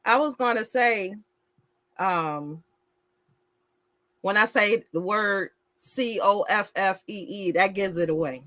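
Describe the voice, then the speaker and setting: A woman from Brooklyn with a New York accent co-hosting a casual talk show, easygoing and quick to laugh as she reads out viewer comments. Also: mid-range voice, a bit bright, no room sound. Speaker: co-host.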